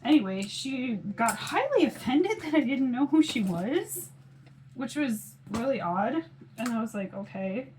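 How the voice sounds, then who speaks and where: A woman's voice: high-pitched, very animated, unhurried, darkish tone, a little hiss or hum, poor audio. A woman casually telling a long story about her day, rambling and quoting herself with lots of "I was like". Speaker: mom vlogger.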